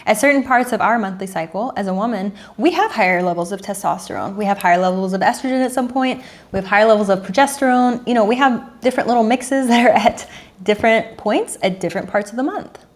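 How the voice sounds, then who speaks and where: A woman's voice: mid-range voice, fast talker. A woman in her thirties, a dating coach, talking earnestly and emotionally to camera, repeating herself and sighing.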